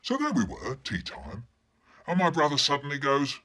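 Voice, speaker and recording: A man telling a childhood story to listeners, animated and acting out each scene. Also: a little high, moderate pace. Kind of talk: storytelling performance.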